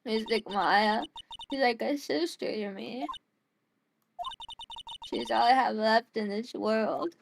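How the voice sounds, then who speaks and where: A woman reading as a timid, quiet little girl. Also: a little high, takes it slowly, vocal fry, long pauses, noisy background. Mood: sad. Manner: soft, hesitant, quiet.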